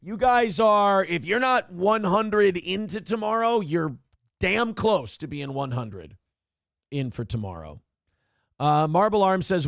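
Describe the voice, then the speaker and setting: A man's voice: on the high side, expressive, measured pace, vocal fry, dry recording, clean studio sound. A man hosting a live morning show, joking, swearing freely and reading viewer messages aloud. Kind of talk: casual live-stream talk.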